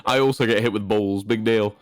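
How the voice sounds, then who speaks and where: A man on a livestream reading confessions aloud and judging them bluntly, with a deadpan delivery. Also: on the low side, fairly quick, no echo, clean studio sound, faint music behind. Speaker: guest co-streamer.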